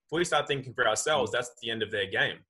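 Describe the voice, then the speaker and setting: A man's voice: mid-range voice, fast talker, sharp tone, breathy edge, rough recording. A man in casual conversation, talking animatedly and acting out quoted voices.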